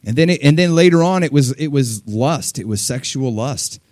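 A man preaching a sermon, conversational with fillers and small laughs, rising to loud peaks and dropping to hushed asides. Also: mid-range voice, lively intonation, moderate pace, dry recording, studio quality. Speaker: pastor.

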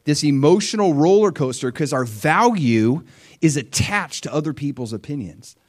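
A man preaching a sermon with animated, emphatic delivery and frequent questions to his listeners. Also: a little high, moderate pace.

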